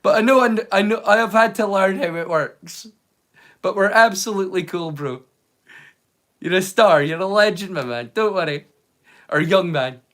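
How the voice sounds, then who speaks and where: A man's voice: high voice, moderate pace, fairly bright tone. A Scottish man chatting casually with live viewers, teasing and swearing freely. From Scotland. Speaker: live streamer.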